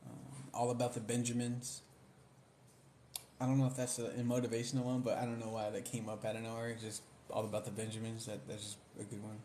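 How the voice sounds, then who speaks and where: A man's voice: on the low side, monotone, quick pace, dark tone, slight background noise. A young man in casual chat, rambling in slang about favorite movies and mimicking lines he likes. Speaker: vlogger.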